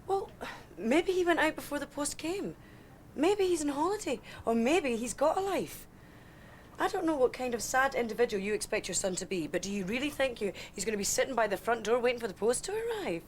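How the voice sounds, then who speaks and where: A woman's voice: high-pitched, very animated, fairly quick, a little hiss or hum. An actress playing a no-nonsense woman who speaks in a blunt, sardonic way. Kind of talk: TV drama acting.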